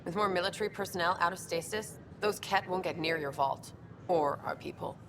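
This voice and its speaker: A brisk, encouraging station officer. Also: female voice, lowish voice, vocal fry, fairly bright tone, slight background noise. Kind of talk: video game dialogue.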